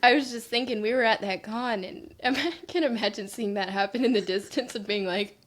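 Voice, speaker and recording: Woman host, higher pitch, laughs easily, casual. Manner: laughs often, quick supportive backchannel. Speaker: podcast host. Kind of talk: casual interview chat.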